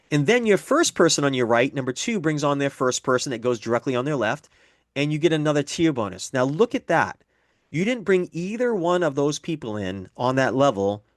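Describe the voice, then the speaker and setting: In a dry, studio-quality recording, a man with a fairly high voice gives a business presentation. He walks through the figures one step at a time, repeating numbers as he explains, and acts out sample conversations.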